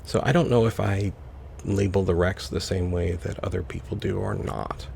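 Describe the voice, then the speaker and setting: A man's voice: deep voice, fairly even intonation, normal speed, vocal fry, darkish tone, slight background noise. A man casually commenting on his own gameplay, musing aloud to himself as he plays. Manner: musing, talks to himself while playing. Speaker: let's play host.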